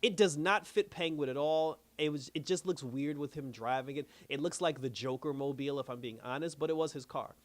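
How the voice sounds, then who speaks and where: Fast-talking man recapping a show. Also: fairly high pitch. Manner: slangy, loose storytelling with fillers. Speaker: show reviewer. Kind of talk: casual episode recap.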